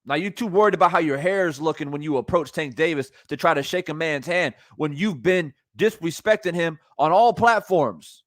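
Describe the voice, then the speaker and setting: A man's voice: a little high, moderate pace, hardly any pauses, a bit bright, dry recording, clean studio sound. A man giving live reaction commentary on boxing, heated, profane and incredulous.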